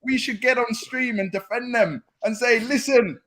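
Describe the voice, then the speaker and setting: A man's voice: extremely high pitch, fairly even intonation, normal speed, fairly bright tone, no echo. A man guest on a football chat stream, talking in a jokey, mock-earnest way. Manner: mock-earnest, jokey, switching put-on voices.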